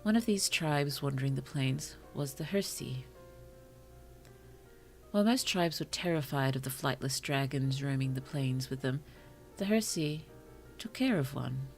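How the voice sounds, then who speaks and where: A woman streamer reading short stories aloud to her chat, slow and careful, with apologetic asides between passages. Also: very deep voice, lively intonation, darkish tone, faint music behind. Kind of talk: story reading on a livestream.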